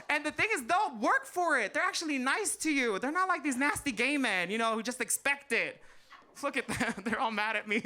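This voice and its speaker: High-voiced sassy drag queen comic. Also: slight background noise. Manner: brash, sassy, swearing, loud laughing asides. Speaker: drag queen stand-up comedian. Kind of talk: stand-up comedy set. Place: live comedy stage before an audience.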